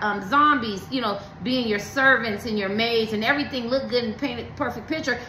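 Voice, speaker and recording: A woman's voice: on the high side, sharp tone, reverberant, a little hiss or hum, low-quality recording. A woman giving a blunt, emphatic tarot reading, talking in slang and preaching to her viewers. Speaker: tarot card reader.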